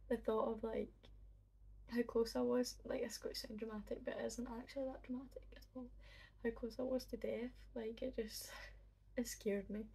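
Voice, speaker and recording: Young woman, husky and gravelly, emotional personal storyteller with a halting delivery. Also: on the high side, level tone, mellow. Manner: emotional, halting, many fillers and restarts. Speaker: vlogger.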